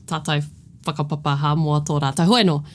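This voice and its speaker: A woman's voice: low-pitched, steady tone, a little fast. A woman with a New Zealand accent co-presenting, answering questions with tentative, playful guesses in a casual chat. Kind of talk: casual discussion.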